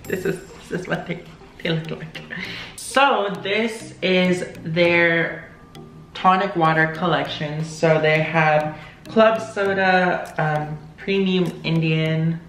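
A hyper vlogger unboxing a gift package, gasping and giggling between excited exclamations. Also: male voice, fairly high pitch, slow pace. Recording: roomy, distant from the mic, with music.

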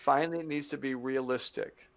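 Middle-aged male motivational speaker, gravelly, animated delivery with acted-out asides; slightly muffled recording. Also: medium pitch. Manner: animated, acts out little dialogues with the brain; slows down to stress key points. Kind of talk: motivational talk to camera.

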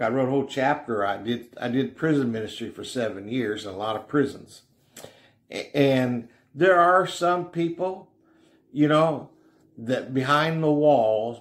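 A middle-aged man gives a sermon in a relaxed, conversational way. He talks plainly, with the ease of everyday speech. His voice sits at an ordinary pitch for a man. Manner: plain-spoken, conversational, with frequent "you know" and small laughs. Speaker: radio preacher.

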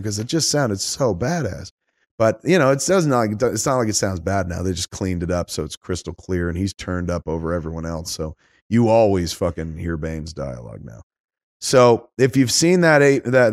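A middle-aged man with a fairly low voice talks through a film in casual podcast chat. He rambles and swears freely and keeps the talk animated. The sound is dry and close, with no room around it. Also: moderate pace, no echo. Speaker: podcast host.

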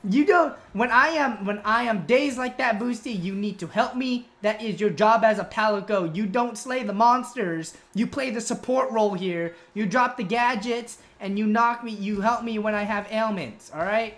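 A woman commenting on her own gameplay, scolding the monster like an unruly child, swearing and yelling when things go wrong. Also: on the high side, normal speed, hardly any pauses. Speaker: gamer.

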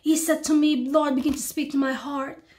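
A woman's voice: high voice, fairly even intonation, moderate pace, a little mellow. A woman preacher giving a fervent testimony sermon, repeating phrases and calling out to her listeners. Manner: fervent, repeats phrases, addresses brothers and sisters.

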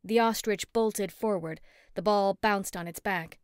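A woman narrating a first-person story in an expressive, steady audiobook read on a close mic. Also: medium pitch, unhurried, clean tone, dry recording.

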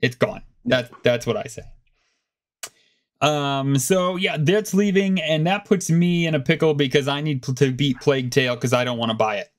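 A man co-hosting a casual gaming podcast, talking in an animated, rambling way that keeps starting over. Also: moderate pace. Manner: animated, rambling, self-interrupting, pitch jumps up when excited. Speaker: podcast co-host. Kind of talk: casual chat.

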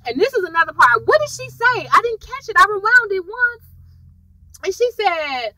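A woman giving a casual, animated recap of a TV episode and talking straight to her viewers. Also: very high voice, normal speed, no echo, low-quality recording. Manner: chatty, animated storytelling, addresses viewers directly. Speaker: TV episode reviewer.

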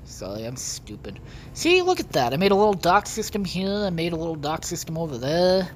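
Talking to viewers over her own gameplay, a woman hosting a gaming video rambles and swears freely in casual let's-play commentary. She has a lowish voice with big pitch swings, normal speed, and slight background noise.

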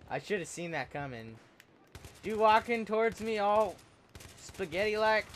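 A man giving live video game commentary, his voice bright and a little high, leaping all over the place in pitch. He talks at an unhurried pace, but bursts into yelps and curses at the game, padding it with self-mocking jokes. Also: slight background noise. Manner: excitable, swears and yelps at the game; joking, self-mocking asides. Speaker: gameplay commentator.

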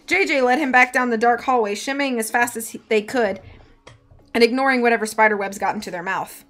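A woman's voice: fairly high pitch, a little fast. Woman reading a storybook on a stream. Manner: lively, chatty with viewers. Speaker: streamer reading a book aloud.

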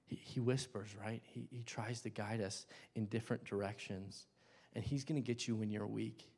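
Young male lay preacher in a church, impassioned, loud then hushed. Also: lowish voice, steady tone, normal speed, breathy edge. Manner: impassioned, swings between loud bursts and hushed asides. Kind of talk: sermon.

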